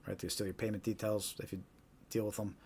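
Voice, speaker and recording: A man's voice: lowish voice, little pitch movement, brisk, a little mellow, husky. A man hosting a live stream, explaining things casually and often asking "right?". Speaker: host.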